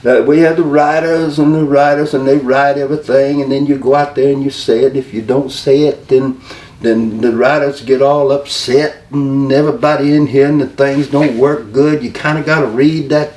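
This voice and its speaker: A man's voice: medium pitch, steady tone, moderate pace, darkish tone, pitched above the performer's own voice, close to an everyday voice. A man doing an impression of a laid-back male wrestling booker who drawls and calls everyone "baby". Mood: explaining. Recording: roomy and a little distant.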